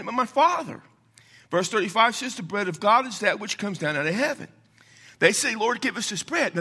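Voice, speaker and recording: A man's voice: sits high, pushed and bright, husky. A man preaching a sermon in a folksy, conversational way, mixing scripture with casual asides. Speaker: pastor.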